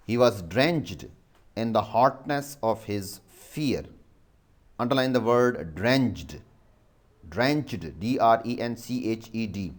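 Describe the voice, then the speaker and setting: Pakistani guy teaching, slow dictation, spells stuff out, voice goes up and down a lot. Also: on the low side, animated. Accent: Pakistani English. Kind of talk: dictating a vocabulary exercise.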